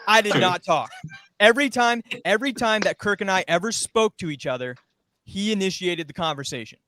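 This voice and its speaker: A man's voice: high voice, animated, a little fast, bright, forceful tone. Young man rambling through a story. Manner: rambling storytelling, acts out quoted lines. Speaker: former podcast intern, guest. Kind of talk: casual podcast chat.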